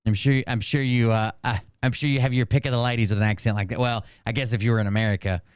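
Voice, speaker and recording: A man's voice: medium pitch, steady tone, fast, clear, resonant tone. A man streaming casual commentary, reading quotes aloud with sarcastic asides and plenty of filler words. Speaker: streamer reacting to clips.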